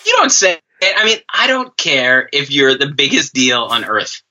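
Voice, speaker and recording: A man's voice: medium pitch, big pitch swings, moderate pace, bright, forceful tone, poor audio. A man co-hosting a comedic podcast, ranting emphatically and swearing freely. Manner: profane, emphatic rants. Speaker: podcast co-host. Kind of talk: casual comedic podcast banter.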